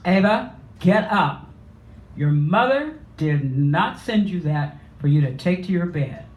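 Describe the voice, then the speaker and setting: A man's voice: high-pitched, lively intonation, takes it slowly, reverberant, muffled recording. A man voicing a bold, bossy woman of the neighborhood as he reads a story aloud.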